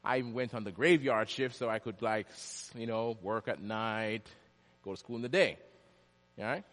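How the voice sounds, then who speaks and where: Animated preacher in a big hall. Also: male voice, fairly low pitch, normal speed. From Jamaica. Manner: animated, swings from loud to hushed. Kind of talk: storytelling sermon. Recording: long hall reverb.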